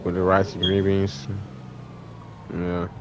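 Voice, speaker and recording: A man's voice: monotone, slow, background noise. A young man telling a long story in casual chat, rambling with lots of fillers and acting out the people in it. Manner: rambling, heavy on fillers, acts out others in high voices.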